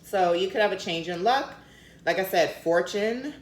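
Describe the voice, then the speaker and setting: A woman's voice: medium pitch, normal speed, roomy sound, low-quality recording. A woman from Denver with a slight Maryland accent, giving a casual tarot reading and chatting loosely with fillers and swearing. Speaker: tarot reader.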